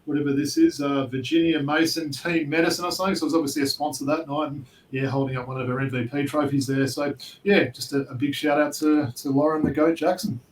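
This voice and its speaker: A man co-hosting a casual sports chat, quick and chatty, full of mate and yeah. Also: a little high, fairly even intonation. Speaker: podcast co-host. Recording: echoey room, distant mic, faint hiss.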